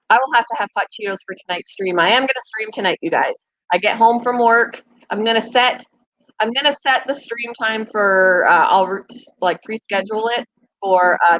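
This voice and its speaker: A woman's voice: medium pitch, normal speed, a bit bright, dry recording, poor audio. A middle-aged woman hosting her own channel, chatting casually with viewers, self-mocking and laughing often. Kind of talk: casual chat.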